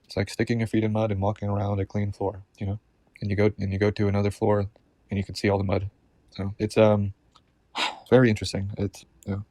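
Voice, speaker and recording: A man's voice: lowish voice, monotone, fairly quick, darkish tone, dry recording. A man talking to camera in a rambling, agitated personal monologue, swearing constantly and repeating himself. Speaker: vlogger.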